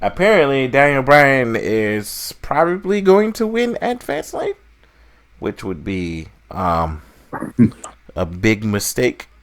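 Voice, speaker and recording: A man co-hosting a casual wrestling podcast, talking in an animated, mocking way and swearing freely. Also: mid-range voice, slow. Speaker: podcast co-host.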